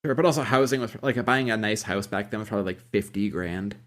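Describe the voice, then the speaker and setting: A man's voice: fairly low pitch, fast. A man co-hosting a podcast in casual chat, joking and swearing freely. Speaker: podcast co-host.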